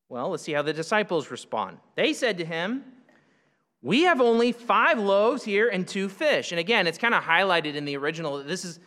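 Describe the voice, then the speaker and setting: Bright-voiced man preaching in a reverberant hall. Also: on the high side. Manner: conversational, asks rhetorical questions, then answers them. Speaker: pastor. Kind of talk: expository sermon.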